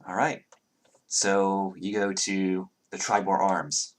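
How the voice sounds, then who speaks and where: A man with a very low voice runs a tabletop game as game master. He narrates scenes hesitantly, leaning on fillers as he goes. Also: flat delivery, slow pace.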